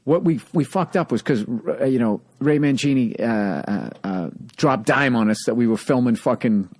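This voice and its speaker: A man with a Boston accent hosting a podcast, telling stories in casual, profane, animated chat. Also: medium pitch, moderate pace, dry recording. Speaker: podcast host.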